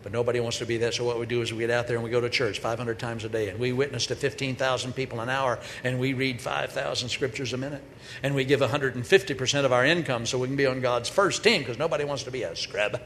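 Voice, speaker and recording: A man giving a humorous, storytelling sermon as a preacher, with sudden loud bursts. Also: mid-range voice, steady tone, quick pace. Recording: echoey hall with faint noise.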